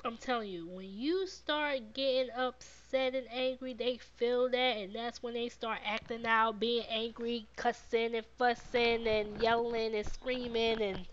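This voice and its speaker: A woman's voice: a little high, fairly even intonation, a little slow, hardly any pauses, dull audio. A woman podcast host, talking casually to her live viewers, repeating words of encouragement and answering their comments. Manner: warm, repetitive encouragement, reads viewer comments.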